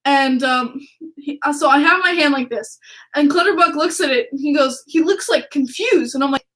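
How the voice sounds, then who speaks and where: An excitable woman hosts a casual podcast, with a notably high voice. She gushes as she tells her story, laughs often and swears freely. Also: normal speed. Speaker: podcast host.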